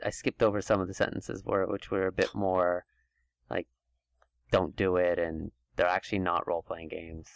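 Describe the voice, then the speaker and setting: Gravelly low-voiced man hosting a chat. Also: flat delivery, normal speed, no room sound. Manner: chatty, thinks aloud in long run-on stretches. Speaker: podcast host. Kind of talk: casual chat.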